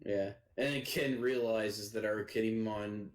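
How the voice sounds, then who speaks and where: A man with a lowish voice talks through anime scenes on a podcast. He is laid-back and unhurried, often hesitating and restarting his sentences. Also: fairly even intonation. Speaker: podcast co-host. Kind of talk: casual anime discussion.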